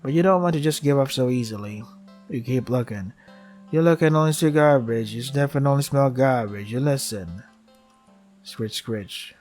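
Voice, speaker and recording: A man's voice: moderate pace, faint music behind. A man playing through a visual novel, reading its text aloud and muttering dry, sarcastic asides between lines, often with a sigh. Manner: sighs often, asides drop soft and low. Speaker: let's play gamer.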